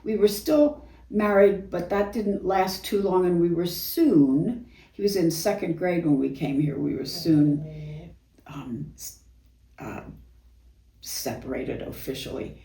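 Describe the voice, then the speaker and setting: A woman's voice: on the low side, lively intonation, measured pace, dark tone. An older actress and singer, chatting and reminiscing about stage life as an interview guest, laughing often through her anecdotes. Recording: roomy, distant mic.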